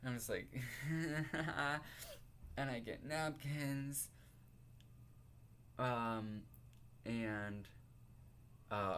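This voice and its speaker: A young man in a casual storytime vlog, talking in an animated, self-consciously dramatic way, laughing often and saying like a lot. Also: lowish voice, a little hiss or hum. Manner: filler-heavy, says like a lot. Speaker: vlogger.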